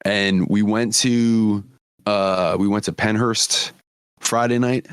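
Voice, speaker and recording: A man's voice: fairly low pitch, fairly even intonation, takes it slowly, clean tone, no room sound, clean studio sound. A man hosting a podcast, telling stories in casual chat, swearing freely and laughing often. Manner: profane, laughing storyteller. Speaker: podcast host.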